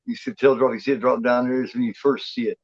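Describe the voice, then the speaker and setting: A man's voice: mid-range voice, steady tone, quick pace, no echo, dull audio. A man co-hosting a horror movie chat show, rambling and swearing freely in casual talk. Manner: rambling, swears freely, voices the cat in a playful drawl.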